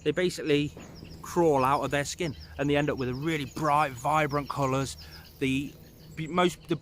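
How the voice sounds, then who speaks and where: A man's voice: fairly high pitch, steady tone, normal speed, a bit bright, a little hiss or hum. A man giving casual pet-snake advice to camera outdoors, rambling and losing his place now and then. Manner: rambling, loses his place, chatty asides. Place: outdoors in the rain.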